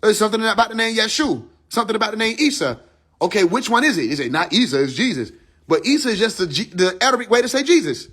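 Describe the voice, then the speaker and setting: A man teaching spiritual ideas on a live stream from his phone, casual and profane, firing rhetorical questions and dropping from emphatic high lines to low asides. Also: animated, fast talker, fairly bright tone, breathy edge. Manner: casual speech with slang and profanity.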